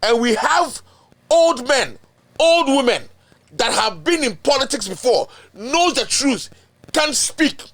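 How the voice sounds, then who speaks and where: Here an extremely high-pitched man talks slowly, his slightly bright voice swinging widely in pitch. As host of a Ghanaian political commentary show, he's indignant and emphatic, repeating points and mixing in chants in a local language.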